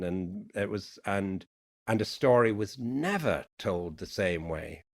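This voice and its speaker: A middle-aged man with a mixed Yorkshire, Irish and American accent, speaking in an unhurried, thoughtful way as a guest poet in a reflective conversation. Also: fairly low pitch, lively intonation. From England, Yorkshire.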